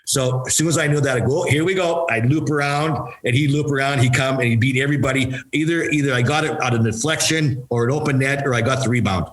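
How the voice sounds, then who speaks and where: An older man, a former hockey player and coach, answering interview questions with lively anecdotes and acted-out quotes. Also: medium pitch, fast talker, hardly any pauses, rough recording. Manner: animated, acts out quoted dialogue, repeats himself for emphasis.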